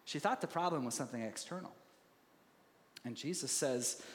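A male pastor preaching a sermon in a conversational, animated way and laughing easily. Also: medium pitch, normal speed, long pauses, in a large hall.

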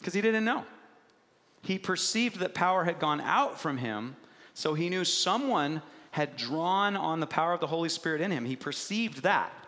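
A man's voice: fairly high pitch, expressive, normal speed, pushed and bright. A man preaching a sermon, asking the congregation questions and telling stories with animation. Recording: long reverb of a large hall.

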